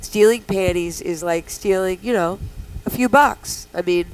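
A woman's voice: medium pitch, a little slow, darkish tone, clean tone, rough recording. A woman hosting a talk show, talking in a playful, bawdy, teasing way with callers. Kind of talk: casual radio show chat.

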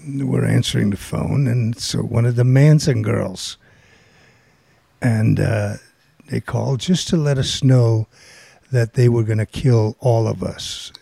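Gravelly older man telling a story. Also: medium pitch, no room sound. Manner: rambling, animated storytelling with quoted voices. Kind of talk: casual anecdote telling.

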